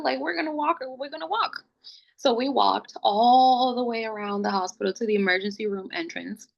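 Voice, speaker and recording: A young woman, a podcast guest, telling a personal story casually and acting out what others said. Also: a little high. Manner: animated, acts out quotes of others.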